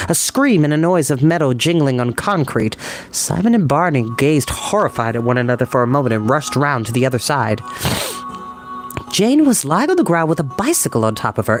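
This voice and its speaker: A man reading a children's novel aloud as a storyteller, measured and expressive. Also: fairly high pitch.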